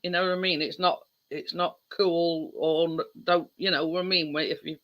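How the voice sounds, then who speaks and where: A woman's voice: on the low side, fairly even intonation, moderate pace, highs cut off. A woman hosting a casual livestream, chatting with viewers in a rambling way with lots of fillers. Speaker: livestream host.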